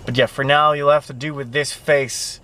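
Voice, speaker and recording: A man's voice: medium pitch, steady tone, moderate pace, bright, forceful tone. A man who speaks Dutch as his first language, chatting casually to camera in a rambling vlog with many fillers, recorded on a handheld camera mic. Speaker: vlogger. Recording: light background noise.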